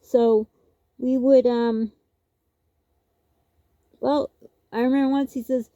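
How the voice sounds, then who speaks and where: A woman's voice: a little high, fairly even intonation, takes it slowly, long pauses, mellow, no echo, muffled recording. A woman vlogger telling a rambling, casual story, laughing often as she goes.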